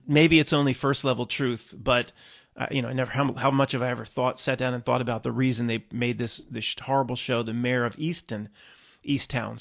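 Gravelly man musing aloud to viewers. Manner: rambling, restarts often, swings from low mutters to loud emphatic bursts. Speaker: YouTube channel host. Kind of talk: casual monologue to viewers.

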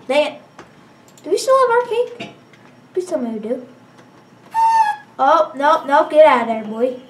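A woman commenting on her gameplay as she plays, excitable and quick to exclaim and shout reactions. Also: high-pitched, distant mic. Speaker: let's play gamer. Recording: roomy, away from mic, noisy.

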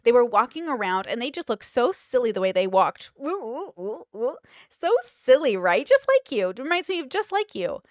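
A woman's voice: fairly high pitch, animated, fairly quick, hardly any pauses, no room sound, clean studio sound, close to an everyday voice. A woman voicing a falsely sweet, catty woman friend who gushes while making put-downs. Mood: sugary catty. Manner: gushing, sugary put-downs.

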